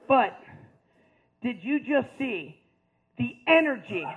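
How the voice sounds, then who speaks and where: A man's voice: very high voice, lively intonation, slow pace, slight background noise, full character voice. A man doing a brash teasing coach. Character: brash male high school coach, teasing. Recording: tinny phone-like sound.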